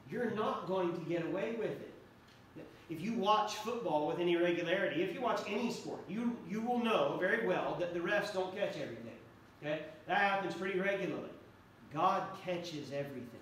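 A man preaches a sermon in a church sanctuary, his voice pitched high for a man. He talks earnestly and repeats key phrases for emphasis. The sound carries a heavy echo, picked up from a distance with a faint hiss underneath. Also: animated, moderate pace, fairly bright tone. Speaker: pastor. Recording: echoey church hall from far off.

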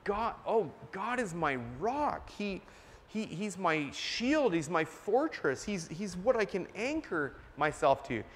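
A man's voice: high voice, sing-song, slow pace, a little hiss or hum. A man preaching a sermon in a church, earnest and emphatic, stopping to cough now and then. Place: church sanctuary. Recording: long church reverb.

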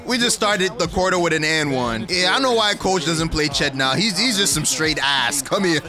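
A man's voice: a little high, expressive, normal speed, over music. Hyped young man commentating a basketball game. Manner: hyped, shouting and laughing at plays. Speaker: gaming YouTuber. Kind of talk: excited gameplay commentary.

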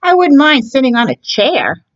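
A fussy little frog from a storybook complains in a squeaky, whiny voice, as a woman puts him on. The pitch bounces all over the place. The sound is dull and a little muffled. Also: very animated, normal speed.

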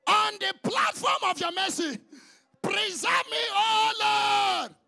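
A man leading prayer in a very high, gravelly voice, shouting fervent petitions in a chanting rhythm. His tone is sharp and piercing. Between prayers he drops into quieter exhortation. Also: lively intonation, takes it slowly. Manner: fervent, chanting repeated calls to the Lord. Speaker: prayer leader.

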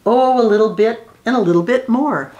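A woman's voice: on the high side, moderate pace, a little mellow, muffled recording, natural voice. A woman voicing a cheerful, busy village mother in a picture book story read aloud to children.

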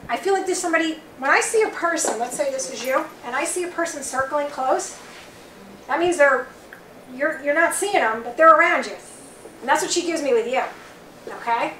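A high, bright-voiced woman with a Long Island accent, talking in a chatty, rambling way as she reads for someone in a group. She sounds set back from the mic in a roomy bookstore space with faint noise behind her. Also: brisk, distant mic. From Long Island, New York. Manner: chatty, rambling, relays messages in quotes. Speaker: psychic reader. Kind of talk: live psychic reading for an audience. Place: bookstore event room, small group.

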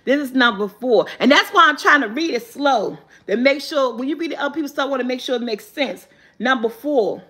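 A woman hosting a live guessing game, reading clues slowly and cheering loudly when viewers answer right. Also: high-pitched, lively intonation, breathy edge. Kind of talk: casual live-stream chat.

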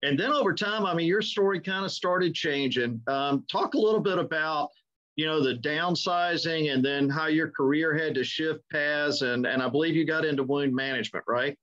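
A man's voice: on the high side, moderate pace, a bit bright. A middle-aged man hosting an interview, telling stories in an easygoing way and chuckling as he recalls old pranks. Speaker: podcast host. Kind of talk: conversational interview. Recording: dull lo-fi audio.

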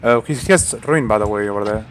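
A young man giving excited co-op gameplay commentary, swearing and breaking into sudden shouts. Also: fairly low pitch, brisk. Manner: loud, swearing, bursts into shouts. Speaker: gaming streamer.

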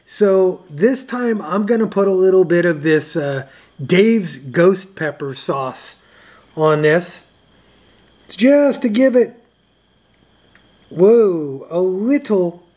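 A man talks casually to camera as host of an amateur radio show. He takes his time, drawing words out slowly, and fills the gaps with uhs. His voice sits a little higher than most men's. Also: darkish tone. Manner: loose and chatty, with frequent uhs. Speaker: ham radio video host.

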